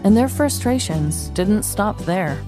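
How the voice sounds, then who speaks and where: A woman's voice: medium pitch, expressive, takes it slowly, music in the background. A woman co-hosting a podcast, switching between scripted narration full of puns and casual, giggly chat. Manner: pun-laden storytelling, chatty and giggly. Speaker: podcast co-host.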